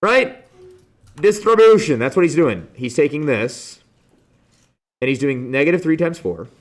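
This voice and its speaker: A man with a Midwestern accent, teaching a math review lesson in a classroom, animated and joking as he talks through each step. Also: a little high, moderate pace. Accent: Midwestern American. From Midwestern United States.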